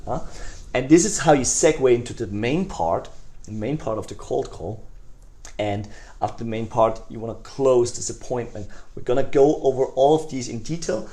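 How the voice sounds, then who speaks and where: A man teaching a recorded sales lesson. He talks conversationally with many fillers and restarts, and he demonstrates sales tonalities by swinging between loud enthusiasm and soft, hushed lines. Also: medium pitch, lively intonation, normal speed. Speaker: sales trainer.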